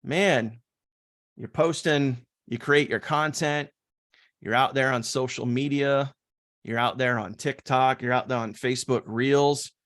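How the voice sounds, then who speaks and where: A man's voice: medium pitch, unhurried, no echo, studio quality. A man teaching online business in a casual, slangy style, acting out his students' worries and doubts. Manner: animated, slangy, acts out students' inner doubts.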